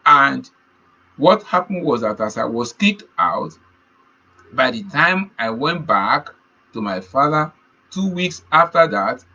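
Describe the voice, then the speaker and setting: A man delivers a sermon, telling his own story with earnest repetition. His voice is gravelly and bright, with a husky edge. The recording sounds muffled and lo-fi. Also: medium pitch, lively intonation, slow pace. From Nigeria. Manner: earnest storytelling, repeating key phrases. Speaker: preacher. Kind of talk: sermon with a personal testimony.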